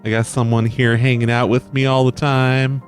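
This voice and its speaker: A man's voice: mid-range voice, flat delivery, normal speed. A man hosting a comedy call-in podcast, reacting to voicemails with self-deprecating banter. His voice sits mid-range, and a faint bed of music plays behind him. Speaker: podcast host. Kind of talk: casual chat reacting to voicemails.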